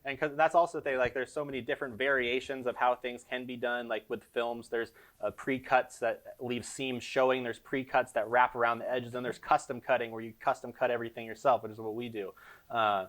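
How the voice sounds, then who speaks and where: Young male guest, easygoing, rambling delivery full of "like" and "uh", mid-pitched voice. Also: flat delivery, fairly quick, fairly bright tone. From Boston area, US. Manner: rambling, filler-heavy with "like" and "uh". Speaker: interview guest, car detailer. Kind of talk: casual interview talk. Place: car storage shop.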